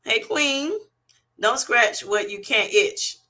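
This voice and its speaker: A middle-aged woman hosts a casual livestream from home, chatting with viewers and laughing often. Her voice sits a bit high and sounds bright and forceful. She keeps up a lively banter as she reads out comments. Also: slow pace, slight background noise. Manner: animated, laughing often, reading chat comments aloud. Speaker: livestream host. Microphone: webcam or streaming setup.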